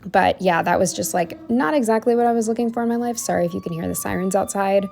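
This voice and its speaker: A woman's voice: medium pitch, quick pace, creaky, a little mellow, faint music behind. Rambling, chatty woman vlogger. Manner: rambling, chatty, many "like" fillers and trailing sentences. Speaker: planner vlogger. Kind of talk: casual voice-over walkthrough of a planner spread.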